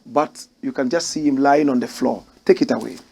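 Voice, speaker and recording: A Ghanaian-accented man hosts a news commentary show, speaking in an animated, emphatic way and repeating phrases. His medium-pitched voice is gravelly with a breathy edge, and he talks fairly quickly.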